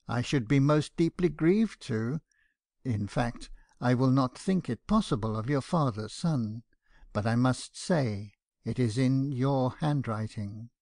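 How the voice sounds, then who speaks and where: A man voicing a fussy, earnest elderly doctor in an audiobook, speaking with soft, formal, flustered politeness. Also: mid-range voice, slow pace, no room sound, studio quality. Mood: earnest reproof. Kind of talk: audiobook character reading.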